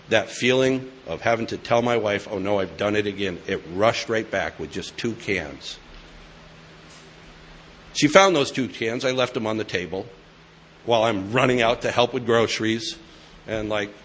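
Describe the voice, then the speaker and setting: A man's voice: mid-range voice, fairly bright tone, a little hiss or hum. A man sharing his recovery story with an audience in a casual, joking way, with a New England accent. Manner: conversational, joking asides. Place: meeting hall with live audience.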